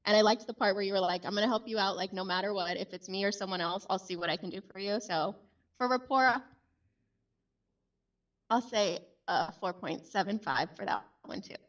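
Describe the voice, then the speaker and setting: A woman's voice: medium pitch, brisk, a bit bright. A woman judging a sales call, giving casual chatty feedback over a video call. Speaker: judge scoring a sales call. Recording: distant, dull lo-fi mic.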